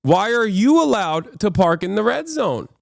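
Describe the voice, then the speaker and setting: Brief: indignant entitled driver, voiced by a man, pitched up, quick and whiny. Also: sing-song, gravelly, no echo, clean studio sound, full character voice.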